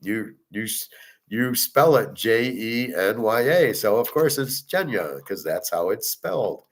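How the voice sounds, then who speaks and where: Middle-aged male host, low voice, blunt and profane casual monologue. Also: lively intonation, measured pace.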